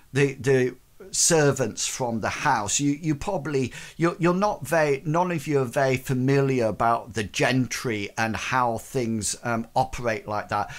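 A man narrating a tabletop game as game master, halting and full of ums and restarts. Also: medium pitch.

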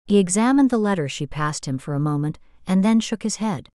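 A woman reading an audiobook in a steady, measured way as scripted narration. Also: medium pitch, no echo, studio quality.

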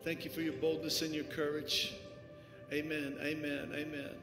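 A man with a fairly high voice gives an altar call, urging and repeating himself. His voice rings through a large, echoing church hall with music playing behind him. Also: completely flat delivery, moderate pace. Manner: pleading, repetitive urging, rising to shouts. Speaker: pastor. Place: church sanctuary with live music. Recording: echoey hall, live stream.

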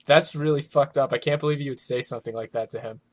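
A man's voice: mid-range voice, fairly even intonation, quick pace, darkish tone. Dry, sardonic young man. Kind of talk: casual chat.

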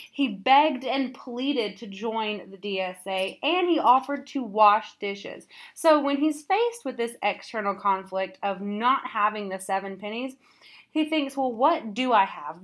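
A woman teacher reading a chapter book aloud and pausing to explain it with guiding questions. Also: fairly high pitch, a bit bright.

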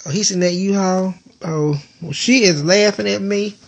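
A woman's voice: medium pitch, moderate pace. A woman chatting casually on a live stream from home into a phone, rambling and swearing in a playful way. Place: indoors at home.

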